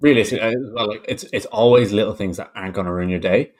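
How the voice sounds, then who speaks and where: A man's voice: on the low side, very fast. A man co-hosting a podcast in casual chat, blunt and wry, with some swearing. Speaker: podcast co-host.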